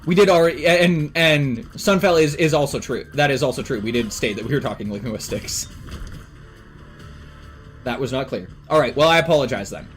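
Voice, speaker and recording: A man's voice: mid-range voice, normal speed, soft background music. A man from Canada streaming and chatting casually with his viewers, blunt and emphatic with plenty of swearing.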